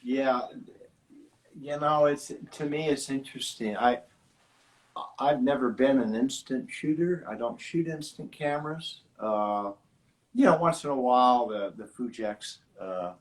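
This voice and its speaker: An older man, a guest in a casual conversation, speaking thoughtfully with frequent pauses and fillers. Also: mid-range voice, rough recording. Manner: thoughtful, halting, many fillers. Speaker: guest, film lab owner.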